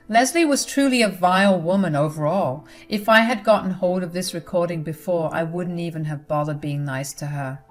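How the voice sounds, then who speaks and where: A woman narrating a first-person story in an expressive, conversational way. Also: lowish voice.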